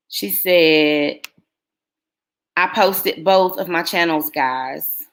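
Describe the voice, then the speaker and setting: A woman's voice: lowish voice, extremely slow. Chatty woman on a live stream. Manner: chatty, rambling storytelling with many fillers. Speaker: YouTuber hosting a live stream. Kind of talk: casual live-stream chat with viewers.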